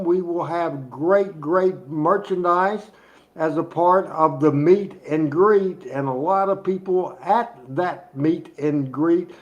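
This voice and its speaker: A middle-aged man from Arkansas co-hosting a wrestling talk show, joking and excitable as he plugs an upcoming event. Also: high-pitched, dull audio. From Jonesboro, Arkansas. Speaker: co-host.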